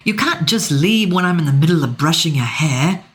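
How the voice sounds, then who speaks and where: A woman's voice: low voice, animated, fairly quick. Woman voicing a coaxing young dad. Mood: playful. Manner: coaxing, soft-spoken. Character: man, father, playful and gentle with his toddler.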